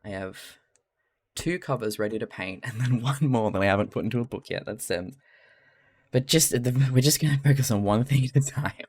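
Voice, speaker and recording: A man's voice: medium pitch, fairly quick, darkish tone, breathy edge, no echo. An Australian man who streams live, talking casually and chattily to his chat while he crafts, rambling a little, laughing often and swearing freely.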